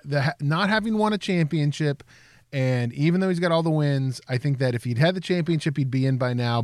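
A man's voice: mid-range voice, dry recording. A man hosting a casual sports podcast, upbeat and chatty, laughing often. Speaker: podcast host.

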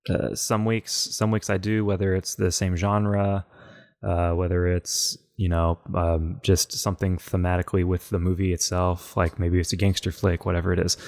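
A man with a low voice co-hosting a relaxed podcast. He talks in an easygoing, measured way and drops in the odd um as he presents each film. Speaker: podcast co-host presenting films. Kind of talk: casual podcast chat.

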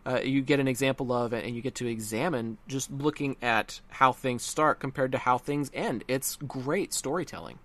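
A man's voice: mid-range voice, normal speed, hardly any pauses, fairly bright tone. A man hosting a podcast, talking thoughtfully with frequent restarts. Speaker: podcast host. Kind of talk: casual chat.

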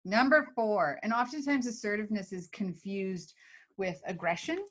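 A woman's voice: medium pitch, expressive, moderate pace. A woman co-hosting a talk show, explaining emotional skills casually, laughing often and acting out examples. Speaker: podcast co-host teaching emotional skills.

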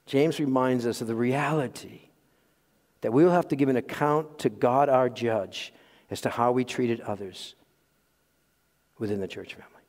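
A man preaching a sermon as pastor, swinging from loud emphasis to hushed asides and chuckling at his own jokes. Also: mid-range voice, normal speed, long pauses. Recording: long hall reverb.

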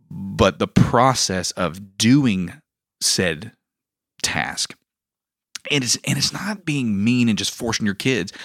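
Man, father, podcast co-host, storytelling, folksy, joking, lowish voice, dry close sound. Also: fairly bright tone, dry recording. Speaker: father of a daughter. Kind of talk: casual parenting talk.

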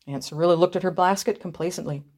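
A woman narrating a story aloud in a measured, expressive reading. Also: on the low side.

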